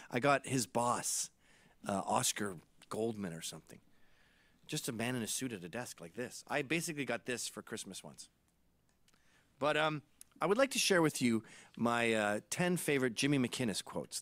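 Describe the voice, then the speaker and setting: A man's voice: medium pitch, no room sound. A man in his late forties, from Canada, telling irreverent comic stories in a podcast monologue. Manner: irreverent, animated storytelling. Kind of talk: comedic monologue.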